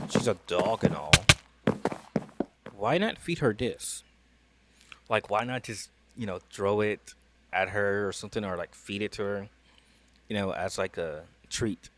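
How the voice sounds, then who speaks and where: A man's voice: fairly low pitch, background noise. A man hosting a reaction video, chatting casually and rambling with lots of fillers. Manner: rambling, with many fillers and laughs. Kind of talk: casual chat.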